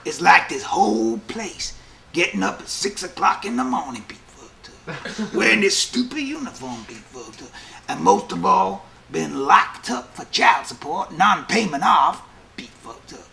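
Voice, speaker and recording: A man's voice: high voice, big pitch swings, unhurried, gravelly, pushed and bright, exaggerated voice. A man voicing an older male inmate who rants in a drawl about his lot. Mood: aggrieved.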